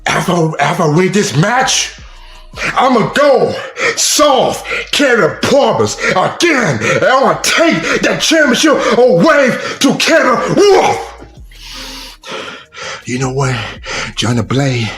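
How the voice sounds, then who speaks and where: Brief: male wrestling promo, slow and lively, big swings from shouting to whisper, faint music behind. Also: echoey room. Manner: swings between shouted taunts and low whispers. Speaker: promo competitor. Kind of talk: wrestling trash-talk promo.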